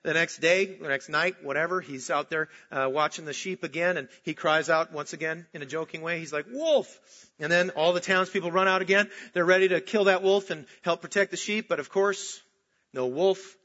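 Bright-voiced male preacher, lo-fi recording. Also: on the high side, brisk. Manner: animated storytelling, dropping to soft earnest emphasis. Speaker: pastor. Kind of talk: sermon.

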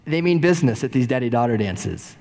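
A middle-aged male pastor preaching an animated sermon, full of repeated rhetorical questions. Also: medium pitch, a little fast, creaky. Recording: long reverb in a large sanctuary.

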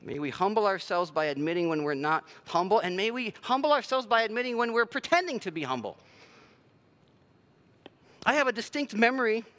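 A man's voice: high-pitched, animated, a little fast, fairly bright tone. A man preaching a sermon in a conversational, self-deprecating way with plenty of filler words. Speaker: pastor.

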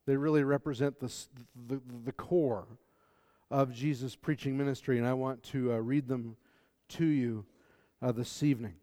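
A man's voice: steady tone, normal speed. A man preaches in an easy, conversational way, full of small fillers and corrections. His voice sits in the middle range. The sound carries the long reverb of a large church hall. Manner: conversational, with fillers and self-corrections, turning soft and low in prayer. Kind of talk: sermon with Scripture reading and prayer.

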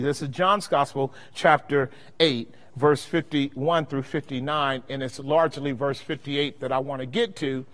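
A man's voice: fairly high pitch, fairly bright tone. A man teaching a Bible study sermon-style, quizzing his congregation with call-and-response questions. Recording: long hall reverb.

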